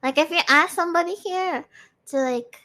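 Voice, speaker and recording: A woman's voice: extremely high pitch, moderate pace, bright, forceful tone. A woman chatting casually with her audience, giggling often. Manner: giggly, chatty, frequent laughter. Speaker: streamer hosting a live audio space. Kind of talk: casual chat reading audience comments.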